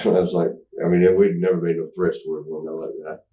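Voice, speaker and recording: A man with a deep, dark voice recounts his past in a candid, meandering way, stopping and restarting often. He sounds set back from the microphone in a roomy space. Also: flat delivery. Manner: rambling, halting, many fillers and restarts. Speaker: interview guest, former pro wrestler. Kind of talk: candid anecdotal storytelling. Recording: roomy sound, mic at a distance.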